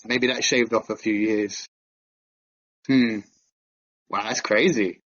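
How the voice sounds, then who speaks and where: A man on a film podcast, chatting casually and thinking out loud with fillers and restarts. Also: on the low side, steady tone, slow, husky, no room sound, highs cut off. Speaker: podcast co-host.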